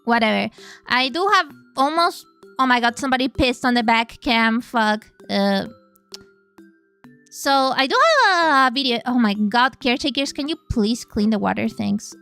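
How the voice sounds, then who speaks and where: Chatty streamer woman with a smooth voice. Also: fairly high pitch, normal speed, a bit bright, faint music behind. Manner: playful, chatty, swears freely. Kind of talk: casual live-stream chat.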